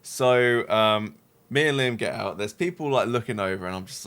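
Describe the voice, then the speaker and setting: A man casually telling a long story to his stream chat, animated and rambling, swearing freely and tagging sentences with "right?". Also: lowish voice, measured pace, smooth. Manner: animated, rambling, swears a lot, tag questions. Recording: faint music behind. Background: faint music.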